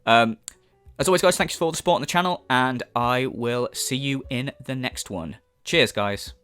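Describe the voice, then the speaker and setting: A man's voice: medium pitch, moderate pace, over music. A man hosting a commentary vlog, ranting in an exasperated, profane way with frequent repetition. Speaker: commentary channel host.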